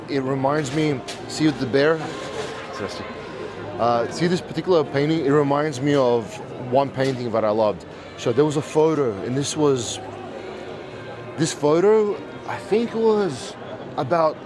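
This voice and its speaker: A man hosting a vlog, walking through an art festival and talking enthusiastically to his viewers. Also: medium pitch. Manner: enthusiastic, talks straight to viewers. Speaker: vlog host. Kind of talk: casual walk-around vlog. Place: busy art festival hall. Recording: crowd noise behind. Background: crowd chatter.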